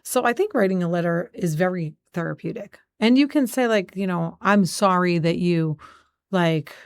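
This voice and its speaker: A woman's voice: lowish voice, animated, moderate pace, clear, resonant tone, no echo, clean studio sound. A woman in her forties co-hosting a casual chat podcast, talking in a chatty, storytelling way with many "like" fillers. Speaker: podcast co-host.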